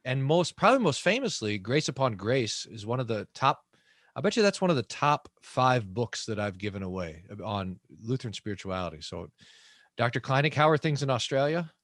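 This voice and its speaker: A man hosts an interview with lively, rising and falling pitch, often restarting his sentences as his ideas tumble out. The sound is dry and close, without room echo. He talks at a middle pitch for a man. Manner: enthusiastic, halting with many restarts. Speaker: pastor and host. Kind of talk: long-form interview chat.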